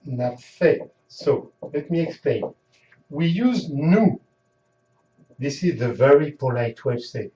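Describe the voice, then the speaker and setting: Unhurried and animated, a man teaches a language lesson, his pitch moving up and down a lot as he repeats example phrases in a mellow, slightly dark voice. The sound is dull and echoey, as if picked up by a mic a little away from him.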